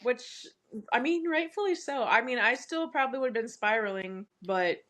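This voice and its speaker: A woman with a fairly high voice, co-hosting a casual book chat. She chimes in often, agreeing quickly and laughing along. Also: expressive, a bit bright. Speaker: podcast co-host.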